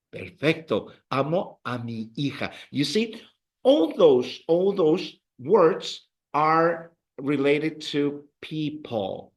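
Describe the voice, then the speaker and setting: Male language teacher, slow and lively, patient repeater, classroom lesson. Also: on the high side. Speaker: Spanish teacher.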